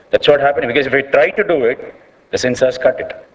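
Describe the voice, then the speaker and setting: A man's voice: medium pitch, lively intonation, fast talker. A man with an Indian English accent speaking earnestly at a panel session, repeating words, restarting sentences and leaning on "like". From South India. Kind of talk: unscripted public speech. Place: conference hall. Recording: long reverb of a large hall.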